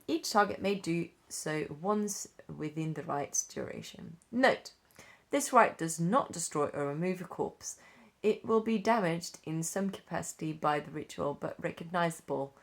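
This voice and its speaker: Young woman, low gravelly voice, casual rulebook reader who stumbles and corrects herself. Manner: unhurried, with frequent fillers and self-corrections. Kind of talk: casual reading aloud of game rules.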